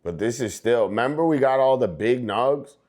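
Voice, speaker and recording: Laid-back American streamer with a lively voice. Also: male voice, mid-range voice, normal speed. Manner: laid-back, rambling, jumps to hyped sing-song bits. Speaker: livestream host. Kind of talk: casual livestream chat.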